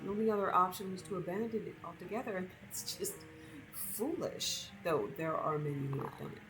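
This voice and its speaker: A woman voicing a stoic Nord man, a necromancer, who talks in a measured, matter-of-fact way. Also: on the low side, over music, natural voice, low-quality recording.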